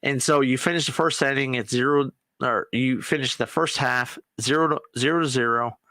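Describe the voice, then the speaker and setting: Excitable man in casual sports chat. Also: medium pitch, normal speed, no echo. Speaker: podcast host.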